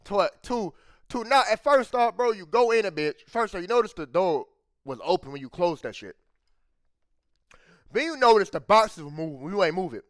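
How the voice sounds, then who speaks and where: Worked up and profane, the man in this reaction video keeps repeating phrases, restarting, and dropping "bro" after nearly everything. He has a high-pitched voice with lively intonation at normal speed, recorded dry in a clean studio.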